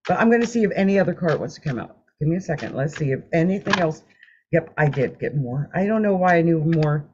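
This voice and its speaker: Woman tarot reader on a live stream: chatty, laughs a lot, very expressive pitch, muffled audio. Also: quick pace, slight background noise. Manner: chatty, animated, laughs often, hums while drawing cards. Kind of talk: live-stream card reading. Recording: dull lo-fi sound.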